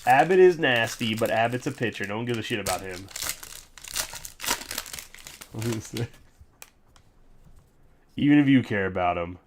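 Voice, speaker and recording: Male card-break host, casual livestream chatter, reels off names in rapid lists, sarcastic and ranty between them. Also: mid-range voice, lively intonation, a little hiss or hum. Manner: rattles off player names in quick lists; sarcastic, ranting asides.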